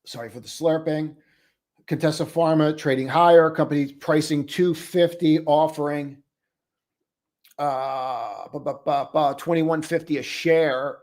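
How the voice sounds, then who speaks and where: A man's voice: fairly high pitch, fairly bright tone. A man hosting a live trading stream, talking loosely and casually to viewers, calling them brother and buddy.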